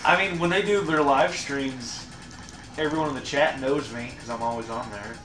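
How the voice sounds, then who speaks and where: A man's voice: medium pitch, moderate pace, heavy background noise. A man joking wryly while watching a game on a stream. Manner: wry, joking. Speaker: guest's boyfriend. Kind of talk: casual gaming chat. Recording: echoey room with game music.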